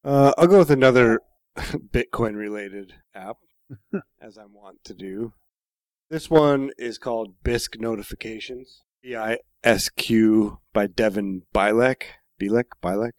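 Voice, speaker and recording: A man chatting casually as a co-host, relaxed and dropping wry remarks. His voice sits low. The sound is dry, with no room echo. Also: a little slow. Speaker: podcast co-host. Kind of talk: casual chat.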